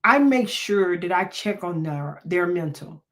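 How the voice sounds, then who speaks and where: Speaking a little slowly in a fairly low, animated voice, this older woman hosts a mental health talk off the cuff. She's a therapist who hosts a podcast, and her earnest, somewhat preachy encouragement is dotted with "um"s and false starts.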